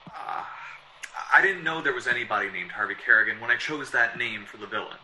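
A man's voice: mid-range voice, a little fast, sharp tone, slight background noise, low-quality recording. An actor playing a flustered, stammering male mystery writer in an old-time radio drama.

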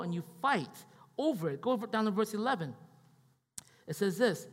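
Male pastor, casual sermon, animated pitch, reverberant hall. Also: moderate pace. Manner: conversational, repeats himself, keeps checking in with "right?" and "okay?".

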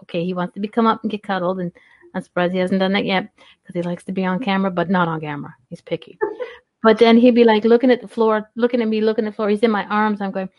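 A woman's voice: mid-range voice, muffled recording. A middle-aged woman hosting a casual live-streamed chat, laughing often and putting on little voices for her pets. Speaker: host of a live-streamed talk show.

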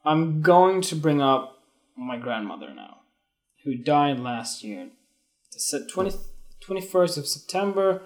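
Candid, cursing man musing on photography. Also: fairly high pitch. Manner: candid, swears freely, wanders and restarts, grows emotional. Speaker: photography podcast host. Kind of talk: casual spoken monologue on Instagram Live.

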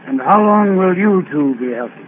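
A man's voice: high voice, expressive, moderate pace, phone-quality sound. An actor playing a sly male makeup artist with an ominous, mocking way of talking, in a 1940s radio drama. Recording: scratchy old radio broadcast, thin and hissy.

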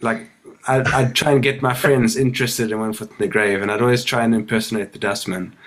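A man from Africa, talking casually in a measured way with hesitant starts. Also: mid-range voice, fairly even intonation. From South Africa. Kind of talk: casual chat.

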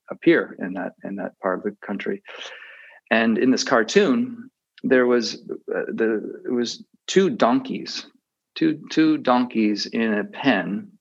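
A man's voice: fairly low pitch, gravelly. A man giving a reflective dharma talk as a meditation teacher. He often hesitates with fillers and restarts his sentences. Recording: dull muffled audio.

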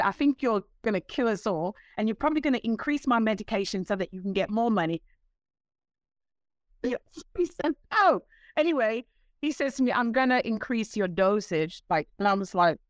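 A woman in her sixties, a guest telling stories in a casual interview, animated and laughing, acting out what others said. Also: mid-range voice, moderate pace, no echo. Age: 60s. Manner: animated, laughing, acts out quoted voices.

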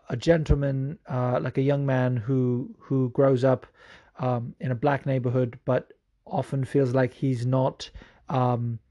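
A man's voice: medium pitch, warm tone. A man hosting a podcast, answering listener questions in a rambling, profane, casual way with lots of fillers. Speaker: podcast host.

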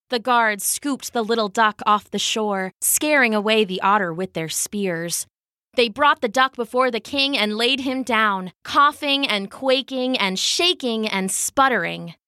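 A woman narrating a children's story as a podcast host, with expressive, animated delivery. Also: fairly high pitch, unhurried, dry recording, clean studio sound.

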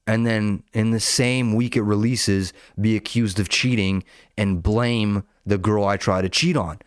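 A man with a lowish voice rants casually, swearing freely and restarting his sentences as he jumps from point to point. The sound is dry and close to the mic. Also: steady tone, takes it slowly, dry recording. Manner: profane, rambling, self-interrupting. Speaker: commentator. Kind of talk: casual profane rant.

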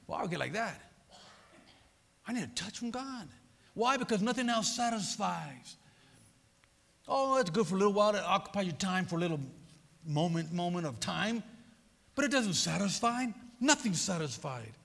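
High gravelly preacher man, echoing hall. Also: big pitch swings, moderate pace, pauses often, fairly bright tone. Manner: repetitive, emphatic, prods the audience with "huh?". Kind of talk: sermon. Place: church sanctuary. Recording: long hall reverb.

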